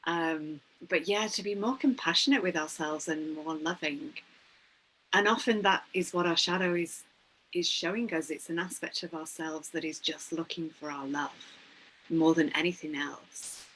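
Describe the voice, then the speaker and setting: A woman hosting a spiritual conversation, soft and affirming, reflecting thoughtfully on what her guest says. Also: low-pitched, normal speed, slightly rough, rough recording. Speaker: host.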